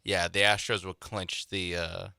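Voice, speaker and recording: A man with a lowish, gravelly voice and a very sharp, bright tone co-hosts sports talk radio. He muses aloud and corrects himself along the way. The studio sound is dry and close. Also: a little slow, dry recording. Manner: relaxed, musing, self-correcting.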